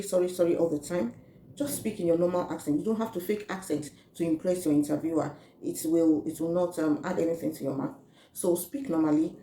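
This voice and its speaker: A woman, her voice mellow and a little low for a woman, talks earnestly through interview tips in a casual vlog. She often repeats words and restarts her phrases. The sound has a noticeable room echo. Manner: earnest, repetitive, with frequent restarts and fillers. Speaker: relocation coach.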